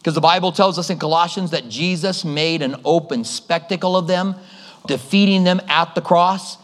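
A man's voice: fairly high pitch, normal speed. A middle-aged male pastor preaching a sermon, telling stories and acting out the voices of others. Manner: conversational storytelling with acted-out voices. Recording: long reverb of a large hall.

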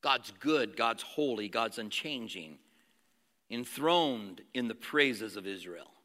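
Man, pastor, sermon, bright forceful voice, animated with rhetorical questions. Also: lowish voice, slow pace, big-room sound. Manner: animated preaching with acted-out quotes and rhetorical questions.

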